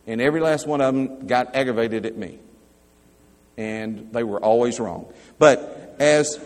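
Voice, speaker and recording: A middle-aged man preaching in a relaxed, conversational way. He reads scripture aloud and checks in with his listeners. His voice carries a long, echoing reverb from a large hall. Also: medium pitch. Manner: conversational Bible teaching, reading verses aloud and asking the audience. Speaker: pastor. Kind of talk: sermon.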